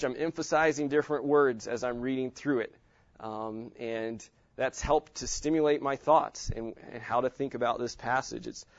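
Man slowly stressing words of Scripture. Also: medium pitch, no room sound, lo-fi sound. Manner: reads slowly, stressing single words, thinking aloud. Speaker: Bible teacher. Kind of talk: teaching on Scripture meditation.

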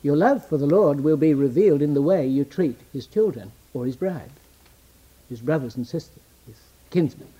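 A man preaching a sermon, swinging between loud declamation and hushed near-whisper, quoting scripture in old-fashioned wording. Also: on the high side, animated, normal speed, husky, lo-fi sound.

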